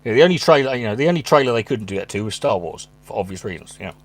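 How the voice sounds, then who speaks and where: A man's voice: medium pitch, lively intonation, racing. Sweary man rambling casually. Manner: rambling, sweary, with abrupt stop-start phrasing. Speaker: stand-up comedian and channel host. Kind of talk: casual monologue. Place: his room at home.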